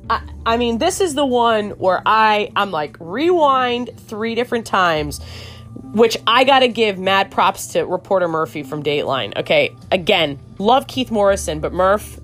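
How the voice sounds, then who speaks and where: A woman hosting a true crime podcast, giving outspoken, rambling commentary with swearing and many restarts. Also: mid-range voice. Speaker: podcast host.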